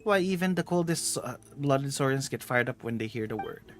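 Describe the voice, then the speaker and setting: A man's voice: medium pitch, lively intonation, normal speed, soft background music, lightly acted. A man reading game dialogue aloud, voicing a playful older woman treasure hunter with a bad back, in a teasing, bossy manner.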